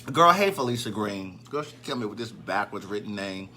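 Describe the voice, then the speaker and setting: A man's voice: on the low side, animated, fairly quick, sharp tone, faint music behind. A man hosting a casual live stream, chatting and greeting viewers by name, and easily sidetracked.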